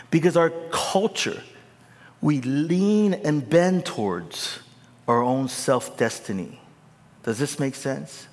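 Guy preaching a sermon real slow, big peaks then low chatty asides, long hall echo. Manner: emphatic preaching, swings from loud high peaks to low casual asides. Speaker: pastor.

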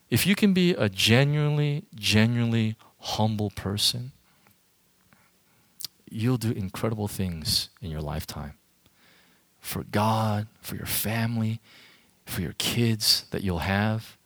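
A man's voice: mid-range voice, fairly bright tone, dry recording, clean studio sound. A man giving an informal sermon to a youth group as their pastor, talking directly and emphatically to the audience.

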